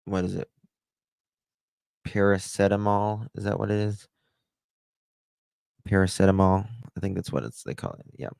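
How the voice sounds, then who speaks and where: A man's voice: low voice, expressive, rapid-fire, creaky, hardly any pauses, warm tone, dry recording. A man from the United States hosting a livestream, rambling chattily as he thanks viewers and tells stories. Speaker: livestream host.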